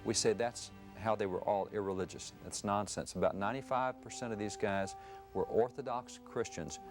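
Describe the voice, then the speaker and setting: A man's voice: lowish voice, normal speed, faint music behind. A man speaking as a guest historian, emphatic and fond of lists of rhetorical questions. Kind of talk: interview answers, then scripted narration.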